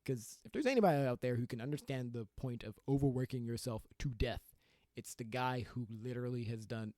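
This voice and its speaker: A man's voice: medium pitch, dark tone, dry recording, clean studio sound. A young adult man hosting his own podcast, talking candidly and with self-deprecating humor in a solo rant, often breaking into laughter. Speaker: podcast host.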